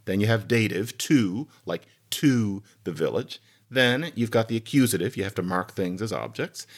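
A man hosting a podcast, giving an informal, animated language lecture and chuckling now and then. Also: mid-range voice. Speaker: podcast host.

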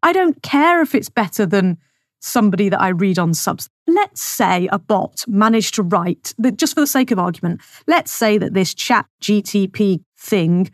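A woman's voice: medium pitch, no echo. A woman rants through her podcast monologue, sarcastic and scornful, hammering home her points by repeating them. Her voice sits in an ordinary middle register and is recorded close and dry, with no room sound at all. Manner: scornful, sarcastic, emphatic repetition. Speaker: podcast host. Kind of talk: opinionated monologue.

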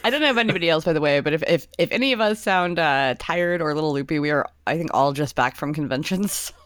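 Chatty woman with a low voice. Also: fast, fairly bright tone, no echo, clean studio sound. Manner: chatty, laughs often, acts out quotes. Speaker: podcast co-host. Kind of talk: casual chat.

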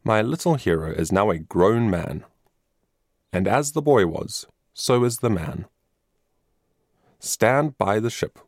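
A man narrating a storybook in steady, solemn tones. His voice sits low with a gravelly texture. The sound is dry and close to the mic. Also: measured pace, no echo. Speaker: audiobook narrator.

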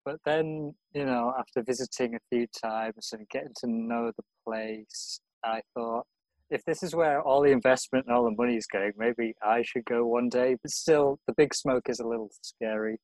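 A man's voice: medium pitch, normal speed, a little mellow, no room sound, low-quality recording. Chatty man with a dry sound. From Middlesbrough, England. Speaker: podcast guest, community reporter. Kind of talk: casual podcast chat.

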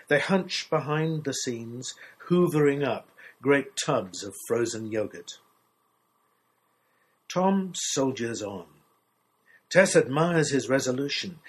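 A man reading a literary short story aloud in a measured, expressive storytelling manner. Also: mid-range voice, breathy edge, rough recording. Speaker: story reader.

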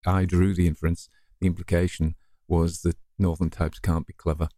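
Northern english guy, story podcast host, rambly chat, low voice, dry close sound. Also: level tone, normal speed, mellow, dry recording. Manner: rambling, self-deprecating, chatty asides. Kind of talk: casual chat to listeners.

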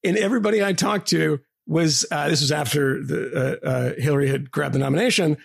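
A man co-hosting a podcast, talking casually in an animated, storytelling way with frequent laughs and restarts. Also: on the high side, a little fast, creaky, husky. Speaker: podcast co-host.

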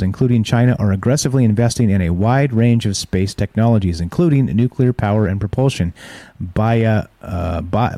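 A man's voice: fairly low pitch, warm tone, no room sound. A man hosting a casual live stream, reading news headlines aloud and adding offhand asides. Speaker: show host.

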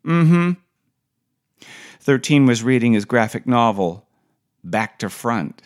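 A man's voice: mid-range voice, measured pace. A middle-aged man reading his own personal essay for a podcast in a dry, wry storytelling manner.

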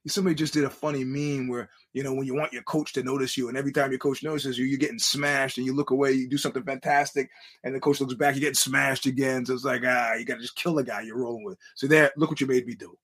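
Middle-aged man, husky, mid-pitched, podcast host, rambling and profane. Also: flat delivery, fast, fairly bright tone. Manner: digressive storytelling with frequent restarts and laughs; blunt and profane. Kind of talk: casual rambling monologue.

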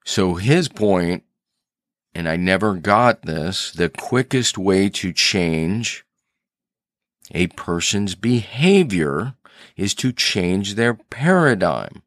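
Podcast host, man, deep unhurried voice, earnest storyteller, close dry mic. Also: expressive, dry recording. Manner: earnest storyteller, thinking aloud with restarts. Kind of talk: reflective solo podcast talk.

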